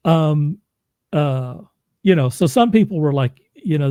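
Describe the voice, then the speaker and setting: A man's voice: a little high, expressive, slow pace, dark tone, no room sound. A man who narrates audiobooks, chatting casually in a rambling, self-deprecating way and laughing often. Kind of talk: casual chat.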